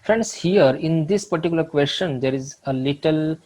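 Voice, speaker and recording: A man from India teaching English literature, walking through exam questions with frequent pauses and fillers, calling his viewers friends. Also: on the high side, a little mellow, low-quality recording. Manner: slow, halting, many fillers, addresses viewers as friends. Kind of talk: exam solution lecture.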